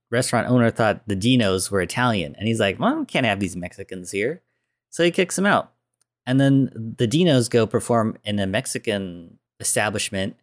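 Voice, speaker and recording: A man with a lowish voice talks through a movie's story in a loose, easygoing podcast chat. He fills the gaps with "like" and "uh" as he goes. The sound is dry and close, with no room around it. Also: no echo. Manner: relaxed, chatty retelling with filler words. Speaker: podcast co-host. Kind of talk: casual film recap chat.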